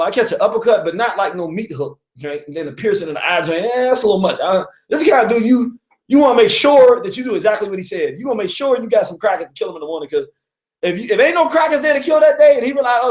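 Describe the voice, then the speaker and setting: A man hosting a casual radio talk on history, an animated storyteller who chuckles often and acts out quotes. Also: high voice, fast talker, reverberant. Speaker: radio show host.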